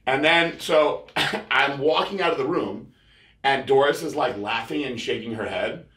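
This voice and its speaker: A man hosting a podcast, telling a crude story in a rambling casual way and mimicking others in high voices. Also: a little slow, pushed and bright. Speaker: podcast host. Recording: echoey room.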